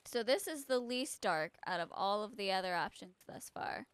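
A young woman playing a co-op game, excitable, gasping and squealing at the scares. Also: mid-range voice, moderate pace, clear, resonant tone, no echo. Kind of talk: casual co-op gameplay chat.

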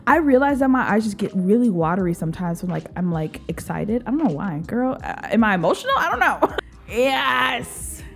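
A young woman hosting a reaction video, gushing and exclaiming as she watches, with faint music behind her. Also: high-pitched. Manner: gushing, exclaims often, calls the viewer girl. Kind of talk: excited reaction commentary. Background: music video playing.

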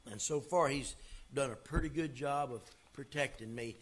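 A man's voice: mid-range voice, moderate pace, breathy edge. Folksy preacher man. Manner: folksy, emphatic preaching with big swings in loudness. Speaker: pastor. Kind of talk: sermon.

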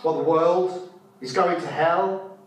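At a conference hall, a man with a somewhat high, steady voice preaches a fervent sermon at an unhurried pace, repeating phrases and asking the audience rhetorical questions. The mic sits far away, so the hall echoes, and faint music can be heard.

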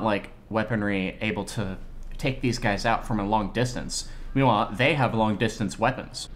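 Excitable man reacting with lively pitch. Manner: excitable, exclamatory, swears freely, slangy. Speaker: anime reaction streamer. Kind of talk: live reaction commentary.

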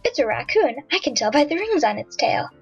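A woman voicing a calm, sensible boy in a children's audiobook. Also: sits high, brisk, gravelly, exaggerated voice. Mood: steady. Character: boy Bert, calm and sensible older brother. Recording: dull lo-fi audiobook with faint music.

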